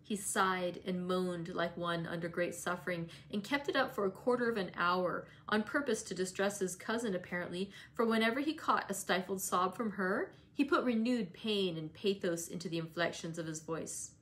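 A woman's voice: lowish voice, moderate pace, hardly any pauses. Woman reading a novel aloud. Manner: steady, with occasional self-corrections. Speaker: read-aloud reader.

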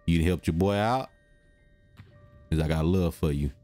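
Young gaming host: low, dark voice, jumpy, slangy let's-play chatter. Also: male voice, a little slow, no echo, soft background music. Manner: excitable, slangy, talks to himself; drops to a hush when the game gets quiet.

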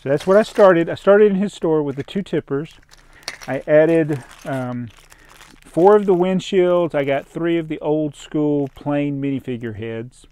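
A man's voice: on the high side, unhurried, warm tone, smooth. Chuckling man rambling through an unboxing. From American South. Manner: rambling, chuckling, thinks aloud. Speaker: toy collector vlogger. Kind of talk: casual unboxing chat.

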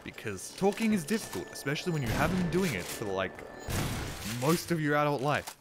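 A man's voice: fairly high pitch, sing-song, a little fast, over loud music. A man streaming a video game live, talking through his play with jokes, curses and startled yelps. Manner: jokey, swears often, yelps when startled. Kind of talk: live gameplay commentary. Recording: game gunfire noise under voice. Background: video game gunfire and clicks.

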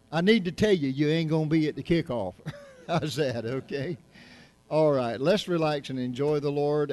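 A man's voice: medium pitch, darkish tone. A middle-aged man, a pastor preaching to his congregation in a folksy, joking, rambling way with many restarts. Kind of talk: casual sermon to a congregation. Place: church sanctuary.

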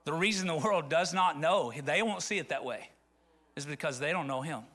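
A man's voice: on the high side, moderate pace, pushed and bright. A middle-aged man from rural Arkansas, preaching a conversational sermon that rises into fervent appeals. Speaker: pastor.

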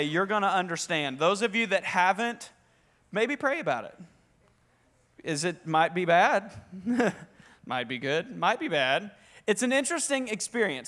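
Young southern guy preaching, high voice, talks a lot, keeps getting the crowd to repeat stuff. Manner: talkative, energetic, calls for crowd responses. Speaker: pastor. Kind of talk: lively sermon to a congregation.

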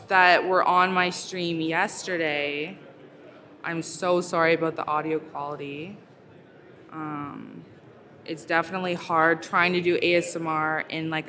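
Chatty woman with a bright voice. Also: sits low, little pitch movement, a little slow. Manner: chatty, lots of fillers, talking while crafting. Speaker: ASMR creator. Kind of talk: casual live-stream chat. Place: busy convention hall.

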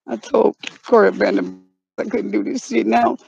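A woman from North Carolina, vlogging outdoors on a cold day, talking in a dramatic, fearful way and yelling out now and then. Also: mid-range voice, steady tone, normal speed, vocal fry. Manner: dramatic, fearful, shouting, slangy. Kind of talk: comic spooky outdoor vlog. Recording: dull lo-fi phone audio.

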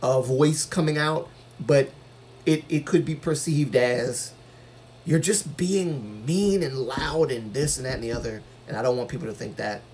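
A man's voice: medium pitch, a little slow, darkish tone, slight background noise. A man talking casually to viewers on his live stream, earnest and rambling, with a voice that carries when he gets passionate.

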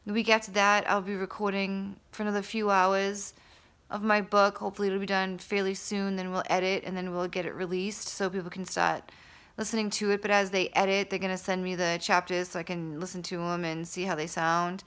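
A woman talking candidly to camera in a casual vlog, rambling with fillers and restarts, openly excited. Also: mid-range voice, fairly quick, clean tone. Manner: excited and enthusiastic. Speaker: vlogger and author.

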